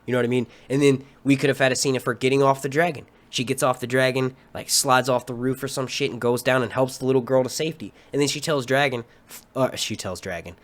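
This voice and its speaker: A young man hosting a live stream, ranting casually and excitably about a TV episode, swearing often and wandering off into run-on asides. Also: medium pitch, fast talker. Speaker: livestream host reviewing a TV episode.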